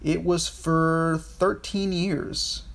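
Man, casual podcast talk, rambling, swearing, slightly high voice. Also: level tone, very slow, creaky, a bit bright. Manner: rambling, swears, restarts often. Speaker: podcast co-host. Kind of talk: casual history chat.

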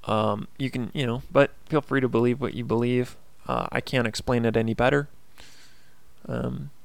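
A man's voice: mid-range voice, gravelly, smooth, dry recording. A man hosting his own casual podcast, talking in an earnest, upbeat motivational way with plenty of fillers. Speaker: podcast host. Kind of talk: casual solo podcast monologue.

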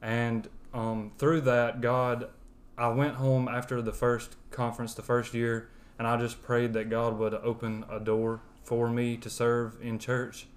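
A man's voice: mid-range voice, level tone, measured pace. A young man from West Alabama with a thick Southern accent, earnestly sharing his personal testimony as a podcast guest. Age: young adult. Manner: earnest, rambling with fillers.

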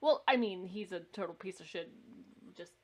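A woman's voice: mid-range voice, lively intonation, moderate pace. A woman co-hosting a podcast, chatting casually while they watch a movie, blunt, laughing often and swearing freely. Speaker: podcast co-host.

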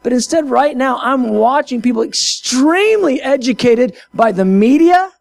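A man with a high voice and a gravelly edge speaks in a passionate, half-sermon way. He is emphatic and lively, and he drives his points home by repeating them. He sounds like a minister addressing his audience directly. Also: moderate pace. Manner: emphatic and animated, repeats key phrases. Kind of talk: impassioned casual talk, half sermon.

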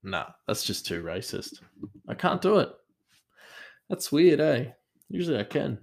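A man's voice: mid-range voice, very animated, unhurried, creaky. An Australian man hosting a podcast, telling stories in a rambling, self-deprecating way and laughing often. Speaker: podcast host. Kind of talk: casual storytelling.

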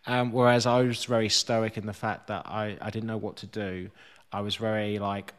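A man with a somewhat low voice talks as a podcast guest, thoughtful and self-deprecating. He drops casual curses into a relaxed, candid conversation. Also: moderate pace.

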